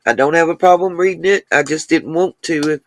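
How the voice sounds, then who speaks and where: A deep-voiced woman runs a casual livestream, talking directly with viewers and replying to incoming comments. She's chatty and prone to drawn-out asides, with slight background noise present.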